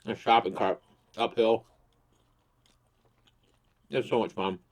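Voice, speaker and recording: A man with a fairly low voice tells a comic story to camera in a casual, rambling way. He swears freely and keeps the delivery crude and loose. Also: takes it slowly. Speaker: host.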